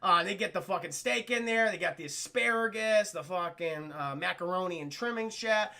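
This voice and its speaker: A man streaming a casual spoiler film review, rambling and swearing as he keeps talking to his chat, tipsy and animated, from a home streaming setup. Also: high voice, fairly quick, gravelly. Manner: half-drunk, animated storytelling.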